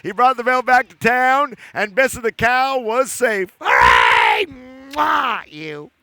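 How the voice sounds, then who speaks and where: A man's voice: extremely high pitch, fairly even intonation, measured pace, bright, forceful tone, clean tone, no echo, raised voice, clean studio sound. A man telling a story live to children at an outdoor park event, playful and silly, talking to the kids as he goes.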